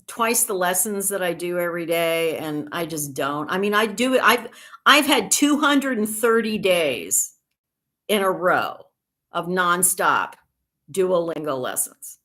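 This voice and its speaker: Chatty older woman with a lowish voice. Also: animated, measured pace, sharp tone. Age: 60s. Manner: rambling, chatty, dry self-deprecating humor. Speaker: livestream host. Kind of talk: casual livestream chat answering viewer comments.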